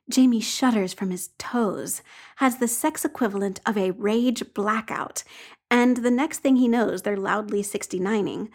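A woman's voice: mid-range voice, a little mellow. A woman reading a story aloud with wry, conversational narration. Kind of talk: expressive audiobook narration.

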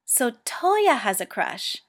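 A blunt, dryly teasing teenage boy, as a woman reading a story puts him on. His questions come flat and matter-of-fact, a touch higher than her usual voice. It has the feel of an amateur audiobook. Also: slow pace.

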